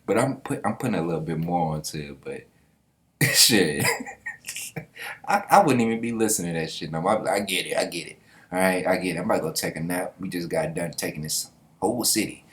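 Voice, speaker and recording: A young man giving casual, sarcastic manga reaction commentary and laughing often. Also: sits low.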